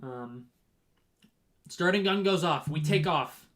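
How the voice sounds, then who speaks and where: A man's voice: fairly high pitch, animated, slow, fairly bright tone. A young man casually telling a rambling story about a race, with frequent "right?" and "um" asides. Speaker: runner on a race team.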